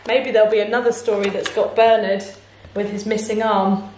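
A woman teacher reading a children's storybook aloud in a playful way, pausing to ask her listeners questions. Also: mid-range voice, level tone, a little hiss or hum. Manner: slow, warm, playful, asks listeners questions. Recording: echoey room.

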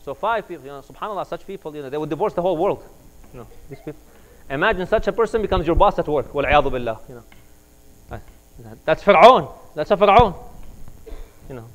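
Imam guy preaching, chatty storytelling, fairly high voice. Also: lively intonation, fast talker, long pauses, fairly bright tone, lo-fi sound. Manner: conversational, acts out dialogue. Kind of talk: sermon with storytelling.

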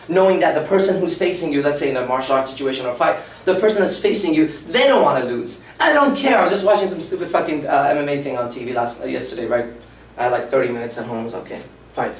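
A man's voice: mid-range voice, a little hiss or hum. A man in his thirties, a dating coach giving a live lecture in a blunt, profane, conversational way. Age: 30s. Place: lecture room. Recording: roomy, far from the mic.

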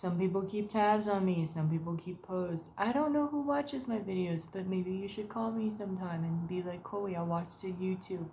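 A woman vlogger at home talks at normal speed, barely pausing, her medium-pitched voice mellow with a touch of hiss or hum. The monologue to camera is profane and rambling, drifting topic to topic with little mock voices in quotes.

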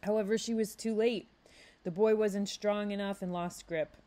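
A woman librarian reading a young adult novel aloud with measured, expressive storytelling. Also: mid-range voice. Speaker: youth services librarian.

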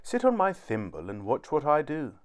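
Man doing a fussy worried mum, high and fluttery, all over the place. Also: huge pitch swings, normal speed. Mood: fussing. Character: fussing, overprotective mother, fond and fretful.

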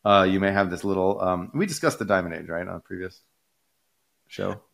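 Chatty low-voiced man explaining with fillers. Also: brisk, gravelly. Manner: rambling, many fillers and restarts, animated. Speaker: podcast host and economist. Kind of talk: casual conversational explaining.

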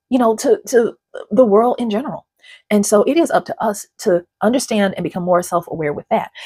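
A woman's voice: lowish voice, a little mellow, breathy edge, dry recording, clean studio sound. A woman hosting her own channel, talking to camera in a conversational, digressive way and often restarting her sentences. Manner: conversational and digressive, with frequent restarts and repeated words. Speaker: channel host. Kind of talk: casual talking-head commentary.

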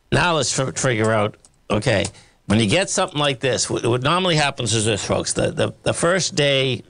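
A market show host, a man with a medium-pitched, somewhat bright voice, talks through charts on a live trading show. He rambles bluntly and emphatically, drops in short laughs, and fills his talk with fillers and repeated "okay, folks."

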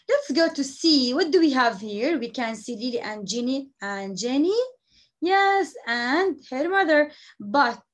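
High-voiced teacher drilling words slowly. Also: female voice. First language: Arabic. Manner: repeats words slowly, switches into Arabic to explain. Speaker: English teacher. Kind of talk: classroom lesson for young children.

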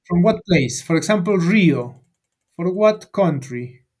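A man leads a beginner English class in a call-and-repeat drill. His voice sits a little high, and he speaks slowly, stressing each word so students can echo it back. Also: lively intonation, darkish tone. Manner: enunciates each word for learners to repeat, rising on prompts. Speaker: English teacher.

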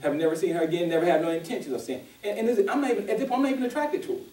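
Racing along in a high voice, a male pastor delivers a conversational sermon, telling stories and animatedly acting out quoted voices in casual dialect. His congregation responds, and the roomy church audio is taken from a distance.

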